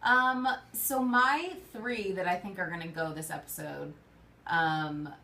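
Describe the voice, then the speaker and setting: A woman hosting a casual podcast chat, bubbly and quick to laugh. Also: lowish voice, gravelly, pushed and bright. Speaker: podcast host. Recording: echoey room, heard from a distance.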